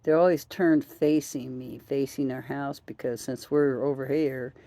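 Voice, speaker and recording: A woman's voice: rumbling low, fairly even intonation, unhurried, warm tone, no room sound. A tired woman hosting a podcast outdoors at night, chatting in a loose, rambling way and amusing herself as she goes. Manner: rambling, musing, self-amused. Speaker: podcast host. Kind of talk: casual rambling chat. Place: outdoors at night by trees and floodlights.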